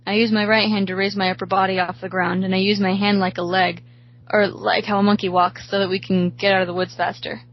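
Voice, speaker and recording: A woman reading a horror story aloud in a steady, hushed way, recorded slightly dull. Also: medium pitch, a little fast, a little hiss or hum.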